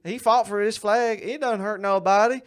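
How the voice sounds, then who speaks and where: A man's voice: high voice, fairly even intonation, moderate pace, smooth, voice pushed up, close to an everyday voice. A man putting on the voice of a proud, defiant Southern man.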